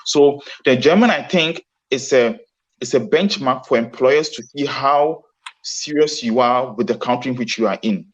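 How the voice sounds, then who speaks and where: A man's voice: mid-range voice, moderate pace, muffled recording. A man answering interview questions earnestly, often restarting his sentences. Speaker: guest. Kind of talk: casual interview.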